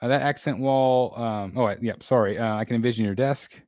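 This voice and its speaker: Here a man with a mid-range, somewhat mellow voice runs a casual livestream in a home room that's being built. The sound is dry and clean, like a studio. He stumbles through viewer comments with plenty of fillers and restarts, breaking into little laughs along the way.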